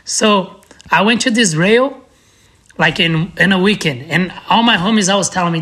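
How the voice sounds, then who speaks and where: A young man with a Brazilian accent, a native Portuguese speaker, chats as a podcast guest. His voice is bright and forward. He tells stories with lively energy and acts out what his friends said. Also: high voice, normal speed. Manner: animated, acts out friends' lines, laughs often. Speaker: guest, pro skateboarder. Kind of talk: casual podcast storytelling.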